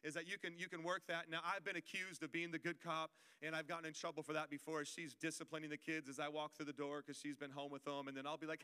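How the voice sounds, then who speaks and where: A man's voice: on the high side, level tone, quick pace, hardly any pauses, sharp tone, clear, resonant tone. A male pastor preaching a sermon in a conversational, joking way, calling out to the congregation. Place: church auditorium. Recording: long reverb of a church hall.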